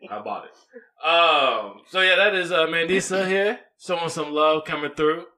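Bright-voiced laid-back podcast host. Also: male voice, a little high, a little slow. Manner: laid-back, teasing, colloquial. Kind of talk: casual podcast chat. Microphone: studio podcast mic.

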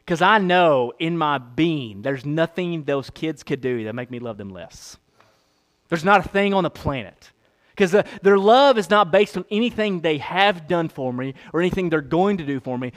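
A man in his thirties preaching a sermon as pastor, emphatic, repeating lines, calling for amens, swinging from loud emphasis to a low hush.

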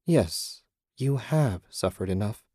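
A disembodied, otherworldly voice , as a male reader puts it on, speaks pleasantly, a touch above his usual pitch. It soothes and teases, knowing more than it says. The reading is close and dry. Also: expressive, slow pace, mellow, slightly rough, no room sound, heavily acted. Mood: soothing, knowing. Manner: soothing, teasing, speaks in riddles.

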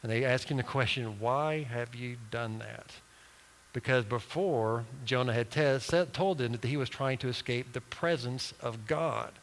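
A man's voice: medium pitch, normal speed, hardly any pauses, long reverb tail, poor audio. A man preaching a sermon, retelling a story with acted-out quotes and many restarts.

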